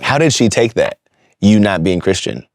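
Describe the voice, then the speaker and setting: A man's voice: lowish voice, sing-song, moderate pace. A man hosting a casual interview, reacting with short questions and exclamations. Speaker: interview host.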